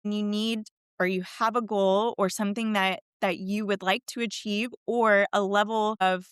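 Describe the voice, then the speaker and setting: Chatty woman coach, smooth clear voice. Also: medium pitch, moderate pace, dry recording, clean studio sound. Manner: chatty, animated, acts out quoted voices. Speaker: fitness and wellness coach. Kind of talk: casual storytelling interview.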